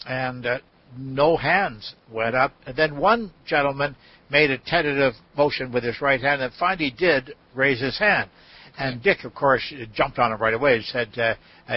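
An older man with a husky voice, telling an anecdote as a podcast guest and acting out the quoted speech. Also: medium pitch, lively intonation, normal speed. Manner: storyteller, acts out quoted speech. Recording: dull dry audio.

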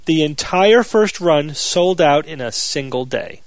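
A man hosting a podcast panel, explaining facts in a measured, steady way. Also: on the high side, no room sound. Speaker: podcast host. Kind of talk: casual panel chat.

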